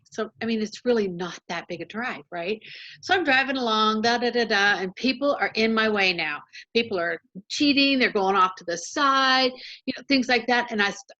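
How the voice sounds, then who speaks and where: A woman telling a casual story on a group call, animated and laughing at herself. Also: on the high side. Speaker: caller sharing a story. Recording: lo-fi call audio.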